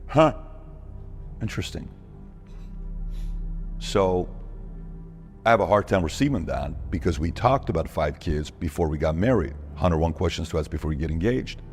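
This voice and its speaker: Man with an extremely low voice, interview guest, animated storyteller who voices every line of dialogue. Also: moderate pace, soft background music. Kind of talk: personal storytelling in a podcast interview.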